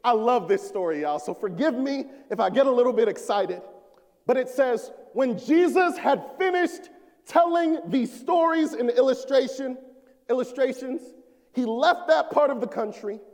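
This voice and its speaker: A man preaching a sermon as an associate minister, swelling to shouts and dropping low. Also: expressive, moderate pace, in a large hall.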